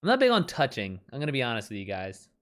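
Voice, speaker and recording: A man chatting casually on a live stream, his voice sitting at an ordinary middle pitch. He rambles frankly and keeps restarting and correcting himself mid-sentence. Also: wildly swooping pitch, fast talker, fairly bright tone. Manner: rambling, frequent self-corrections. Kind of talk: casual chat.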